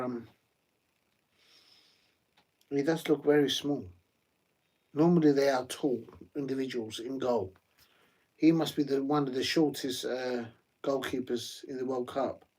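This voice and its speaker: A man hosting a live football watch-along, chatty and rambling with many fillers and sudden bursts of excitement. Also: medium pitch.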